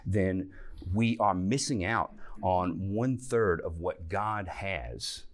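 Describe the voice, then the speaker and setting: A man teaching a Bible class, explaining earnestly and stopping to restart his sentences. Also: sits low. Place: church classroom.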